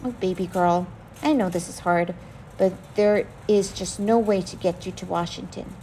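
A firm, warm-hearted older friend of the family in a storybook, voiced by a woman. Her manner is forceful when upset and gentle when comforting, with a gravelly grain. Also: fairly low pitch, steady tone, normal speed, a little hiss or hum, close to an everyday voice. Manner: forceful, indignant, then gentle.

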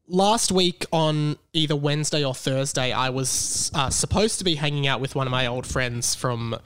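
A man's voice: on the high side, moderate pace, a bit bright, clean tone, no room sound. A young man hosting his podcast, rambling through a story in casual chat and correcting himself as he goes. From Australia. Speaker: podcast host.

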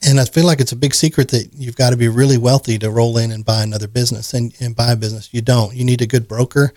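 A man's voice: mid-range voice, steady tone, fast, a little mellow, dry recording, clean studio sound. A man talking earnestly on a podcast about running his business, reflective and repeating himself. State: choked up. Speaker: podcast guest, business owner. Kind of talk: casual conversation.

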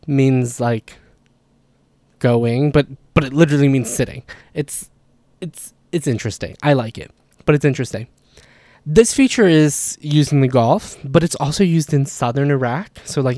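A man explains grammar to his students in a loose, chatty way, often restarting and filling pauses as he thinks aloud. His voice sits at an ordinary middle pitch, and the recording is dry and close. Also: darkish tone, dry recording. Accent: Levantine Arabic speaker. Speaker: Arabic teacher. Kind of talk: casual explainer lesson.

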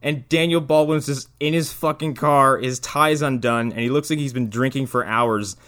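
A man's voice: medium pitch, moderate pace. A man in casual chat, sarcastically tearing apart a bad film with plenty of swearing. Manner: sarcastic, profane, animated. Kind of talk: casual movie-riffing chat.

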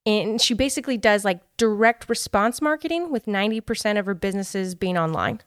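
A woman co-hosts a casual chat show, talking fast and loose and acting out the people she quotes. Her voice is smooth and resonant. The sound is close and dry with no room. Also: mid-range voice, no room sound. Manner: chatty, animated, puts on voices when quoting people. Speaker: podcast co-host.

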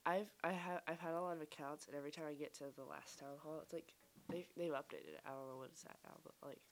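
A woman with a notably low voice chats on a casual podcast, laid-back and soft-spoken. A faint hiss runs under the recording. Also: steady tone, fast talker. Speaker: podcast co-host. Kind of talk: casual chat.

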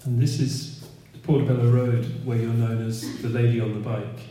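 A man's voice: medium pitch, little pitch movement, moderate pace, dark tone, far from the mic, slight background noise. Man hosting, echoey gallery hall. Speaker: host, gallery director. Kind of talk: public conversation at a gallery event.

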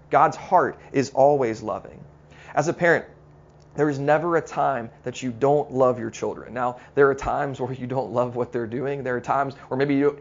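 A middle-aged man preaching a sermon, earnest and story-driven, slowing down to stress his points. His voice has a gravelly edge, and the recording sounds slightly dull. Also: mid-range voice. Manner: storytelling, earnest, slows down for emphasis. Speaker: pastor.

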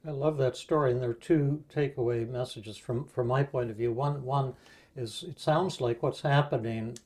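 Guy hosting a podcast, eager and encouraging, regular middle pitch. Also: fairly even intonation, normal speed, darkish tone. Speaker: podcast host. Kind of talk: interview commentary.

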